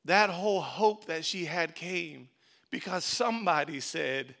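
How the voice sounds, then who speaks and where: A man's voice: fairly high pitch, animated, unhurried, gravelly, pushed and bright. A man preaching a sermon as pastor, repeating phrases and building emphasis.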